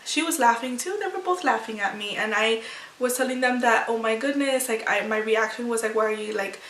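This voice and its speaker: A woman's voice: a little high, a little fast, fairly bright tone, slight background noise. A young woman vlogger telling a personal story to camera in a rambling, emotional way with many restarts. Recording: echoey room, far from mic.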